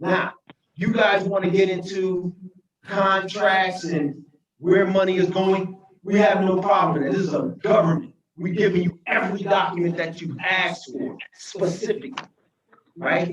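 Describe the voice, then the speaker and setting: A man speaking as mayor at a council meeting, impassioned and tagging points with "right?", sometimes shouting. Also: high-pitched, fairly even intonation, normal speed, distant mic, lo-fi sound. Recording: echoey chamber, voice from afar.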